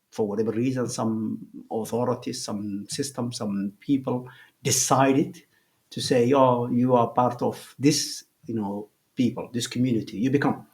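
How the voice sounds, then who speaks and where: Man, slow pace, mid-pitched voice, explanatory commentary, pauses and rephrases. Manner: deliberate, rephrases and pauses with fillers.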